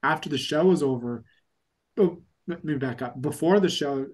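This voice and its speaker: A man's voice: a little high, moderate pace, darkish tone, husky. A man hosting a podcast in casual chat, telling stories in a rambling way with lots of fillers. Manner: rambling storyteller, many fillers like "like". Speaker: podcast host.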